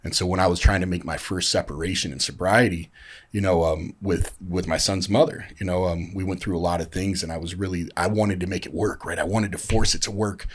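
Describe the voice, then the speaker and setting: Low-voiced man telling his recovery story. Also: fairly even intonation, a little fast, husky. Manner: heartfelt, rambling with many fillers. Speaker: podcast guest in recovery. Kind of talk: casual chat.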